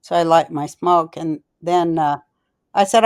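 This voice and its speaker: A woman podcast host tells rambling, profane stories in a smooth, clear voice. The sound is dry and close. She is blunt and drifts off topic. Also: sits low, steady tone, unhurried, no echo. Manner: rambling, profane and blunt, loses her thread. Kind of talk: casual rambling storytelling chat.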